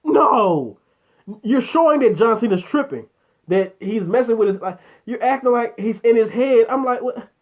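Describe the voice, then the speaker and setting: A man's voice: very high-pitched, animated, normal speed, highs cut off. A man hosting a casual live chat, ranting bluntly and with a lot of profanity at a viewer's comment. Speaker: show host.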